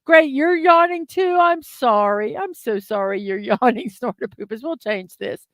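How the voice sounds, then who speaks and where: Giggly woman hosting a slow-paced livestream. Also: high voice, animated, no echo. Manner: giggly, chatty, talks to viewers in chat. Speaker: host of a daily morning livestream. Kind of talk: casual live-stream chat.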